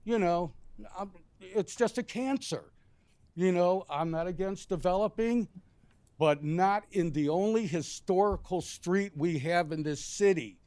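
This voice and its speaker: A man's voice: sits high, a little slow, darkish tone, no echo. A man resident speaking bluntly and indignantly during public comment at a city commission meeting. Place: city council chamber.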